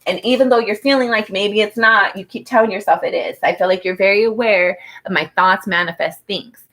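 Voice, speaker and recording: A woman's voice: medium pitch, a little fast, a bit bright. Chatty woman giving a tarot reading. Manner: chatty, heartfelt, fills speech with "like"; addresses viewers by name and star sign. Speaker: tarot reader. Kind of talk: live-streamed tarot reading.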